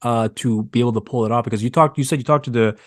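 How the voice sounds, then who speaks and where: A man's voice: mid-range voice, very fast, dry recording, studio quality. A man hosting a podcast interview, asking long winding questions with many restarts. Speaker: podcast host. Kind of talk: casual interview chat.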